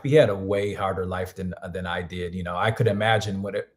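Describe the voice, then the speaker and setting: Man, hoarse, casual stream talk, rambling, restarts a lot. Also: lowish voice. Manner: rambling, frequent restarts and fillers. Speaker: music producer streaming. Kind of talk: casual live-stream chat.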